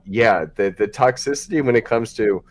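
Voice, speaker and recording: A man's voice: fairly low pitch, moderate pace. A man hosting a podcast, talking frankly in a loose, rambling way with many fillers. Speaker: podcast host. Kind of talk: casual podcast chat.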